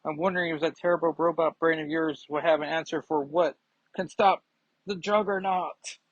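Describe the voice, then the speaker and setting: Guy doing a defiant telepath woman, taunting, husky, muffled dry audio. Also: a little high, steady tone, moderate pace, no echo, pitched above the performer's own voice, natural voice. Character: defiant powerful female telepath.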